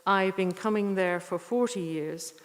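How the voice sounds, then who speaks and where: A woman's voice: mid-range voice, unhurried. Earnest woman reading poems in a church. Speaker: poetry reader at a tribute evening. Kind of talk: poetry reading with spoken introductions. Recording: echoey church hall.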